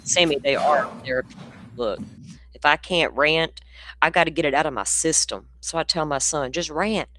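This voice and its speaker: A woman's voice: low-pitched, normal speed, a bit bright. Chatty woman ranting on a livestream. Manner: chatty, exasperated, laughs often. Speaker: livestream host commenting on a trial. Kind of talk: casual ranting chat.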